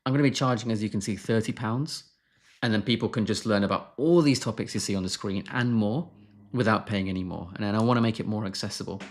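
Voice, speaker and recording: A man's voice: lowish voice, fast talker. A man who is a doctor answering viewer questions on a live stream, frank and blunt, brushing off marketing claims.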